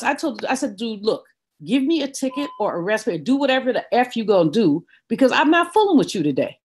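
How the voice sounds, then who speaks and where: An older woman, a guest in an interview, telling a personal story in a vivid, animated way. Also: fairly high pitch, a little fast, slightly rough. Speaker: guest economist.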